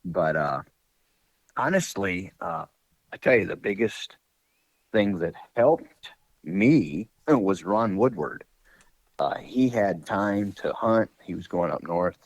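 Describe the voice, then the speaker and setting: Guy with a real low voice, folksy rambling storyteller, dry close sound. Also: expressive, takes it slowly, pauses often, dry recording, poor audio. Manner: rambling, folksy, many fillers. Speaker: podcast guest, dog breeder. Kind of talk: casual storytelling.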